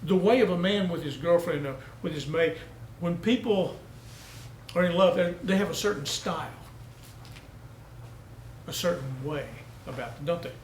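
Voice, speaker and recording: A man's voice: a little high, moderate pace, a little mellow, echoey room, a little hiss or hum, poor audio. A male pastor preaching a sermon, telling down-home country stories and building to emphatic peaks. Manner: folksy storytelling preacher, rising to emphatic peaks.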